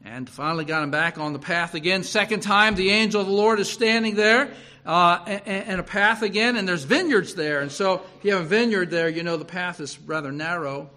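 Animated male preacher, bright high voice. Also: fairly quick. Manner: animated, repeats himself and restarts, chuckles. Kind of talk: storytelling sermon.

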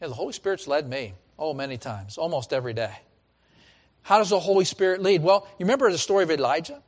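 Animated preaching man, slightly high voice. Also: fast. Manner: animated preaching, swings from loud emphasis to hushed asides; repeats phrases, frequent restarts. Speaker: pastor. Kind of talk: sermon.

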